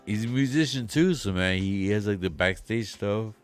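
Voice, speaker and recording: A young man with a fairly low voice, co-hosting a casual collectors' livestream on a video call. He jokes around loudly and drops slang into almost every line, with faint music playing underneath. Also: lively intonation, normal speed. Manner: loud, joking, drops slang like bro and fool. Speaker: podcast co-host.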